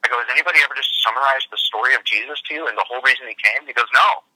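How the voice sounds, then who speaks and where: Bright, forceful man telling a story. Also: mid-range voice, rapid-fire, dry recording, poor audio. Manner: lively, re-enacts dialogue with shifting voices. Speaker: evangelism trainer. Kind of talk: storytelling in conversation.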